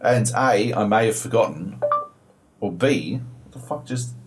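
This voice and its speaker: A man's voice: on the low side, a little slow, background noise. A young Australian man co-hosting a podcast, telling a story in a profane, exasperated way. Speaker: podcast co-host. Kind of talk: casual chat about video games.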